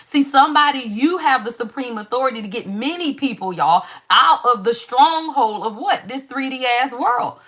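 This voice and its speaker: A woman's voice: high-pitched, a bit bright. A woman giving a live tarot reading in an emphatic, preachy call-and-response manner, swearing freely. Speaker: tarot reader.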